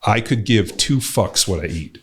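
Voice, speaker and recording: A man's voice: on the low side, expressive, moderate pace, slight background noise. A middle-aged man hosting a podcast, talking in a loose, rambling way with lots of fillers and blunt swearing. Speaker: podcast host and coach. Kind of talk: casual podcast chat.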